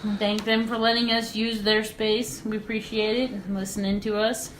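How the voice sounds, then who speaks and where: A woman co-hosting a casual movie podcast, chatty with quick interjections, recorded at someone's home. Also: mid-range voice, level tone, roomy sound, a crowd in the background. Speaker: podcast co-host. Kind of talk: casual movie review chat. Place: guests' home, remote location.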